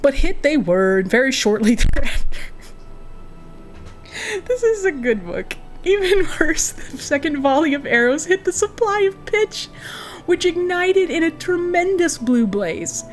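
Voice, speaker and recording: A woman's voice: high-pitched, sing-song, a little slow, soft background music. A woman streaming a game, reading a book aloud and breaking off for chatty, giggly asides.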